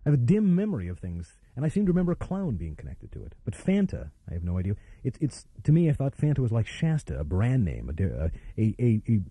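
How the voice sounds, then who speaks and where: A man's voice: mid-range voice, wildly swooping pitch, fast talker, hardly any pauses, mellow, breathy edge, no room sound. A man hosting a call-in radio show, chatting casually and wryly, often trailing off and restarting his sentences. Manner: rambling, wry, self-interrupting.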